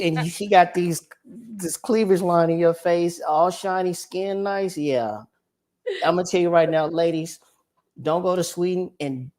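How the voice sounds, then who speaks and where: A woman's voice: lowish voice, dark tone. A woman co-hosting a casual podcast chat, talking bluntly and emphatically with punchy warnings. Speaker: podcast co-host.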